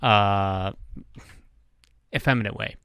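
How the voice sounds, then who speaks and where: A man's voice: lowish voice, slow, creaky, a bit bright, clean tone, dry recording, studio quality. A man hosting a casual podcast, rambling and joking at his own expense, swearing now and then. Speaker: podcast host. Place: streamed live on Twitch.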